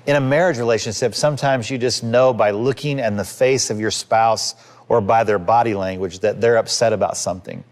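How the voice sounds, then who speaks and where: A man's voice: fairly low pitch, a little fast. A man in his fifties, a pastor giving a sermon in an earnest, conversational way, acting out little quotes.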